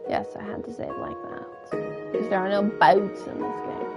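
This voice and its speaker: A woman's voice: mid-range voice, wildly swooping pitch, moderate pace, creaky. A woman streamer reading out all the lines of a detective game, with wry asides of her own. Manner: reads all characters in a plain voice with asides. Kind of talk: reading game dialogue aloud. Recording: dull lo-fi stream audio with loud game music.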